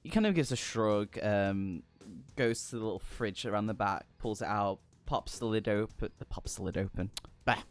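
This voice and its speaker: A man running a tabletop game as game master, narrating in a relaxed, rambling way. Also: fairly low pitch, normal speed, faint music behind. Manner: relaxed, many fillers and restarts.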